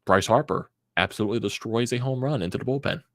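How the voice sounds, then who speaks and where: Gravelly, exasperated sports fan. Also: male voice, mid-range voice, quick pace, fairly bright tone, no room sound, clean studio sound. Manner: exasperated, ranting with stammers and sighs. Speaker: sports channel host. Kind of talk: fan reaction vlog.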